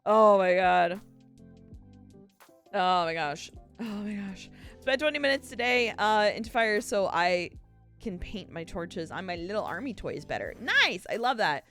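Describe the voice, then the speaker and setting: A woman's voice: medium pitch, lively intonation, a little slow, fairly bright tone, faint music behind. A woman streamer chatting casually with her viewers, rambling and laughing often at herself. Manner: giggly, rambling, self-mocking. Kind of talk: casual live-stream chat.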